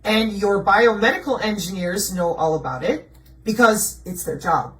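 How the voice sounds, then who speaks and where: This video presenter has an expressive, mid-range, somewhat bright voice and talks at a normal pace. Over her slides she gives blunt, mocking conspiracy commentary, asking and answering her own rhetorical questions, captured on a distant mic with poor audio.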